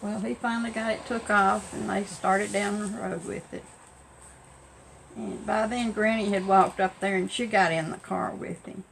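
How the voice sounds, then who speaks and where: An older woman tells old family tales in a folksy, easy way with a gravelly voice. Loud sewing machine and motor hum fill the background. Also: mid-range voice, moderate pace, low-quality recording. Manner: folksy, animated in quotes, laughs. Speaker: family storyteller. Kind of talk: casual oral storytelling. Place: home sewing room.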